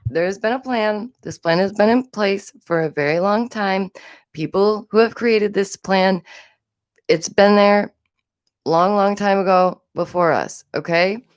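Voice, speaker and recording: A woman's voice: medium pitch, measured pace, dry recording, clean studio sound. A woman hosting a casual livestream from home, talking in a rambling, chatty way and laughing often. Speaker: livestream host.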